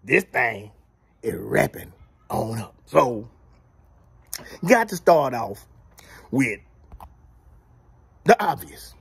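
A man's voice: mid-range voice, sing-song, extremely slow, gravelly, long pauses, fairly bright tone, breathy edge, no echo. A man giving a casual football recap, drawling and playfully trash-talking. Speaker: sports commentator vlogger.

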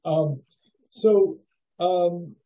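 A man teaching a writing workshop over a video call, giving feedback in a musing, halting way with many fillers. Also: high-pitched. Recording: dull lo-fi video call audio.

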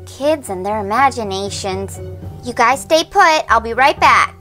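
A woman's voice: on the high side, animated, unhurried, bright, forceful tone, soft background music. A woman voicing a teenage big sister babysitting in a toy doll role-play, scolding and sing-song. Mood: exasperated. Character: teen big sister babysitting, bossy but kind.

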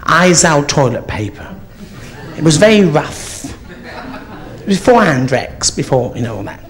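A man's voice: on the high side, big pitch swings, moderate pace. A man playing a crude, gossiping old granny in a live stand-up act, camp and swearing freely. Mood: gossipy. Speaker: drag comedian. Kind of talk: live stand-up comedy in character. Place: theatre stage before an audience.

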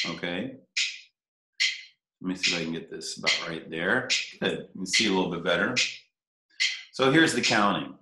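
Male drum teacher, low bright voice, relaxed instruction in a roomy space. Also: moderate pace, pauses often. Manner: counts rhythms aloud, easygoing. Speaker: percussion teacher. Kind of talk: casual instruction. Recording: echoey room.

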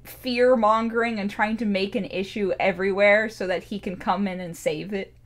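A woman's voice: medium pitch, fairly even intonation, moderate pace. A young woman talking casually about a cartoon, rambling and gushing with many restarts. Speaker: show reviewer. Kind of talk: casual chat.

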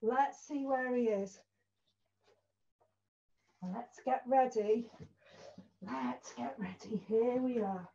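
High, animated children's leader. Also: female voice, takes it slowly, creaky, long pauses, husky. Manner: animated, exaggerated, talking to small children. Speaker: children's music session leader. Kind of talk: children's sing-along session over video call. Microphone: video call computer mic. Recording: dull video call audio.

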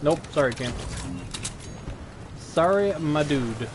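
A man's voice: on the high side, animated, takes it slowly, noisy background. A man streaming live gameplay, chatting and playfully taunting opponents as he plays. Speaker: game streamer. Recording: game gunfire behind voice. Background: game gunfire and effects.

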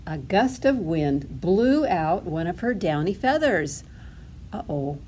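Slow, sing-song woman reading to toddlers. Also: on the low side, big pitch swings, a little mellow, a little hiss or hum. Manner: slow, sing-song, asks the children questions. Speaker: children's librarian. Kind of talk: toddler storytime read-aloud. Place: library.

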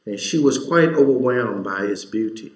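A man's voice: medium pitch, animated, normal speed. A male pastor preaching a sermon, telling a story in a folksy way and building to fervent emphasis. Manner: folksy, informal grammar. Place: church sanctuary. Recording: echoey church hall.

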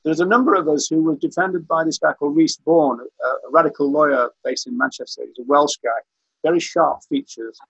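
Husky man telling a long anecdote. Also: a little high, steady tone, fairly quick, fairly bright tone, dry recording, lo-fi sound. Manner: rambling storyteller, frequent restarts, chuckling. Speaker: interview guest, veteran activist. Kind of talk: casual anecdote telling on a video call. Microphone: video call.

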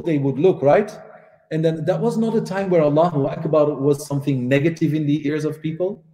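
Man telling stories in an echoey hall. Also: a little high. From Belgium. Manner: warm anecdotal storytelling with laughs and acted dialogue. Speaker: Islamic teacher. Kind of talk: storytelling religious lesson.

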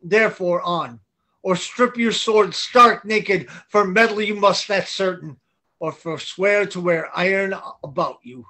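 A man's voice: sits high, a little slow, sharp tone, full character voice. A man reading a boisterous, scheming knight in a Zoom play reading, with a blustering, persuasive delivery. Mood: bold. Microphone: video call.

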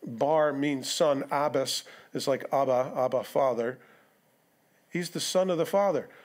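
Speaking at an unhurried pace in a medium-pitched voice, a male pastor delivers an expository sermon in a church sanctuary. His style is conversational, with rhetorical questions and asides to the people listening.

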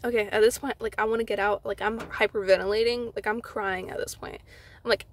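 A young woman telling a storytime vlog from inside a car. She retells it in an animated way, fills her talk with "like" and acts out what others said. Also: mid-range voice, a little fast, a little hiss or hum. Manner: animated retelling with frequent "like" fillers, acting out others' lines. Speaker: vlogger.

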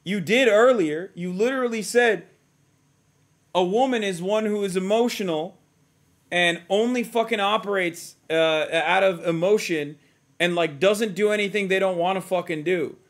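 Male streamer in his thirties, high-pitched, blunt and profane, mocks a clip he's reacting to. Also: normal speed. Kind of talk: live stream reaction commentary.

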